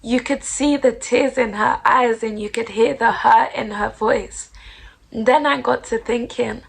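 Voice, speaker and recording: Woman podcast host, higher pitch, fry in the voice, unhurried and heartfelt. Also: fairly even intonation, rough recording. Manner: earnest, heartfelt. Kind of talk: reflective devotional monologue.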